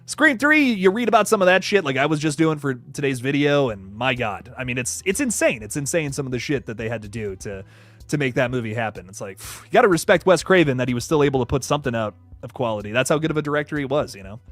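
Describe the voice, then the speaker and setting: A man's voice: mid-range voice, big pitch swings, quick pace, a bit bright, no echo. A young man hosting a casual horror news livestream who swears freely, laughs often and reads chat aloud.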